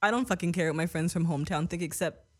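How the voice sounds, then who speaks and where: Lowish-voiced young woman, swearing constantly. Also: fast, husky. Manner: profane, chatty, filler-heavy. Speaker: podcast host. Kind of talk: casual chat.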